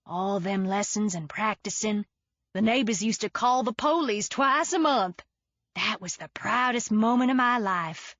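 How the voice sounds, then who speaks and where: Woman reading an insistent Southern mother, honey-smooth and slow, dry dull audiobook sound. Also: mid-range voice, a bit bright, dry recording, close to an everyday voice. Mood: pleading. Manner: slow, pleading, emphatic.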